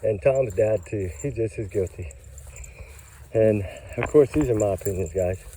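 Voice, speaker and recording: This is a man giving heated, casual commentary, tired and short of breath. His voice sits low and sounds deeply dark and mellow. He talks emphatically, as if venting to his viewers. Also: normal speed, a little hiss or hum, poor audio. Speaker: true crime commentator.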